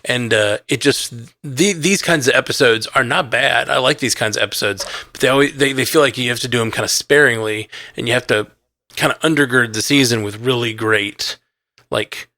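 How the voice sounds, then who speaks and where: A man's voice: medium pitch, moderate pace, sharp tone, no room sound. A man co-hosting a podcast, chatting casually in a review and rambling with lots of "like" and restarts. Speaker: podcast co-host.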